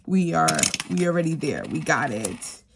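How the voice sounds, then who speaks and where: A woman's voice: deep voice, very animated, normal speed, gravelly, background noise. A woman chatting casually to camera about her savings challenges, rambling with lots of fillers. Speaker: savings vlogger; teacher.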